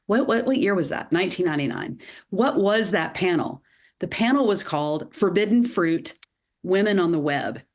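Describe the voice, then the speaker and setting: A woman in her fifties with a Southern US accent, a podcast guest telling her career story in a lively way with many fillers. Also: lowish voice, moderate pace. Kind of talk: podcast interview.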